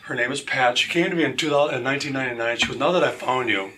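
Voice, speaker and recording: Man, testimony storytelling, bright voice, animated, faint background noise. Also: mid-range voice, rapid-fire. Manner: animated, acts out quoted voices. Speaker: guest.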